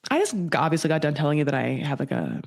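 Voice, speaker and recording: A woman with a slightly low voice who is hosting a recap show. She gives blunt, profane, animated commentary in a casual chatty way. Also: very fast, vocal fry. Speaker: podcast host.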